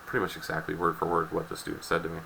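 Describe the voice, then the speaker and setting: A deep-voiced young man teaches a chemistry lesson with a dry, joking storytelling streak. His tone is bright and forceful, with a faint hiss under the recording. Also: monotone, rapid-fire, gravelly, rough recording. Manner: wry storytelling, acts out students' voices.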